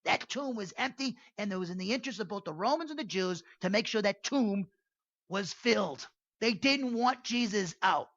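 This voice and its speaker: A man's voice: sits high, expressive, moderate pace, a bit bright, dry recording. Guy teaching bible class, rambly and chatty, dry dull sound. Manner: chatty and digressive, with restarts and asides. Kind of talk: casual Bible study lecture.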